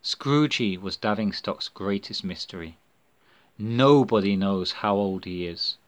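A man reading a children's storybook aloud. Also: fairly low pitch. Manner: slow, expressive reading. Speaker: narrator. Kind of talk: storybook narration.

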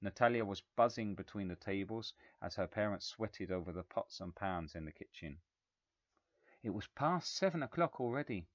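A man narrating a story in a measured, even reading voice. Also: on the low side, no room sound. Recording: slightly dull, dry recording.

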